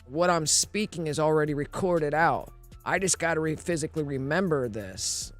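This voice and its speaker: Rambling man thinking aloud on stream. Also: fairly high pitch. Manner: rambling, thinking aloud, repeats "you know what I mean". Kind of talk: casual live-stream talk.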